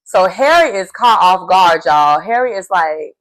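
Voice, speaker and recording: A woman's voice: lowish voice, a little slow. A woman vlogger casually recapping a reality show episode, telling it animatedly and acting out quotes. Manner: animated storytelling, acts out quotes.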